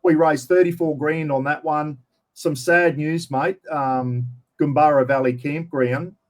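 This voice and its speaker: A steady, high-leaning male voice, a little slow, belongs to an Australian interview guest chatting casually. He's a rambling storyteller who can't stop saying "mate."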